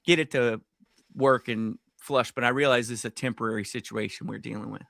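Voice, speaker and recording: A middle-aged man, co-hosting a podcast and telling an animated story in casual chat, swearing freely. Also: medium pitch, brisk, vocal fry, no room sound, clean studio sound. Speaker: podcast co-host.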